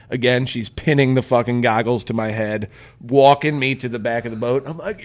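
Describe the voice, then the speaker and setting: A man's voice: mid-range voice, brisk. A man hosting a casual podcast, telling a story with lots of swearing and acted-out quotes. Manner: profane, animated storyteller acting out quotes. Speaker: podcast host.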